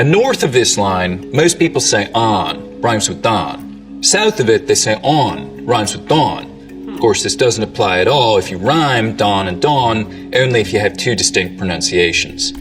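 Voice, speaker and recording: A man presenting an educational tour of accents in scripted narration, pausing to demonstrate pronunciations. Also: fairly low pitch, recorded from a distance. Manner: explanatory, demonstrates accent features.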